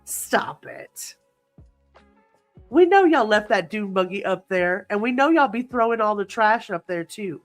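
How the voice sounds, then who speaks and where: Blunt, animated young woman host. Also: mid-range voice, unhurried, soft background music. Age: young adult. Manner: blunt, animated, swears and teases, laughs easily. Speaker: live stream host. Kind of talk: casual live chat.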